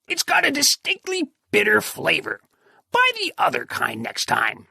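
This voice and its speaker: A crude, complaining old husband from a storybook, voiced by a woman narrator. His voice is gravelly and husky, with wild leaps up and down. He grumbles gruffly, as though talking with his mouth full. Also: medium pitch, huge pitch swings, a little slow, bright, forceful tone, no room sound, heavily acted. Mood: grumbling. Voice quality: gravelly, squashed.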